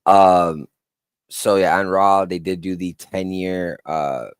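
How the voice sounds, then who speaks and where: A man's voice: deep voice, steady tone, takes it slowly, smooth, no room sound. A man co-hosting a casual wrestling podcast, rambling with lots of fillers and acting out little quotes. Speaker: podcast co-host.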